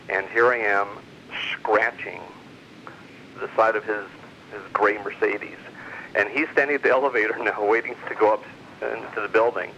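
A man's voice: on the low side, gravelly, bright, forceful tone. Muffled man telling a rambling story. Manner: rambling, many fillers and restarts. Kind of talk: casual storytelling. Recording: muffled lo-fi recording, faint hiss.

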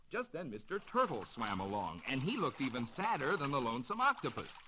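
A man narrating a children's story in an expressive storybook manner. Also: mid-range voice, a little fast, hardly any pauses. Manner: animated, expressive storybook reading.

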